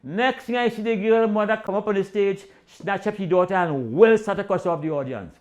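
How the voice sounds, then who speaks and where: An older man with a Trinidadian accent telling a comic story in dialect, animated and acting out the characters. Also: sits high, a little fast. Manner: animated Caribbean-dialect storytelling with voiced quotes.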